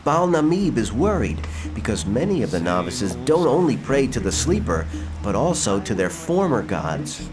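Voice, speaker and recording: A man's voice: mid-range voice, sing-song, normal speed, few pauses, close to an everyday voice. An actor playing a scheming male cult novice who coaches the hero on what to say, in video game dialogue. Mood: conspiratorial. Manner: coaching, conspiratorial. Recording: distant voice over game music.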